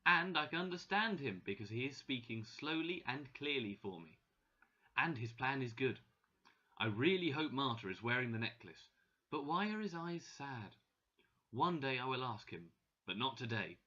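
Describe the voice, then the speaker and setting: A man's voice: mid-range voice, lively intonation, moderate pace, bright, forceful tone. A man voicing a young woman cleaner who is new in the country, emotional and exclaiming, in a dull lo-fi recording. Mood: hopeful.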